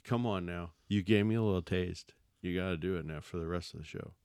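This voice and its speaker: A man with a lowish voice cohosts a casual podcast, rambling and teasing his partner with playful jokes. The sound is dry and close, with no room around it. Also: a little fast, a little mellow, smooth, no room sound. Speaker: podcast co-host.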